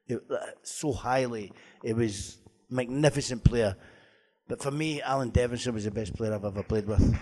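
A man's voice: mid-range voice, normal speed, a little mellow. A man, a former footballer telling laughing, swearing anecdotes at a live stage Q&A.

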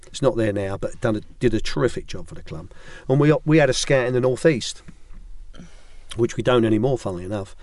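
An older man speaks as a studio interview guest, winding through anecdotes with frequent ums and false starts. His voice sits at an ordinary middle pitch, and the studio sound is dry and close. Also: a little fast, a little mellow, no room sound. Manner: rambling storyteller, many restarts and ums. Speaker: guest, former football academy director.

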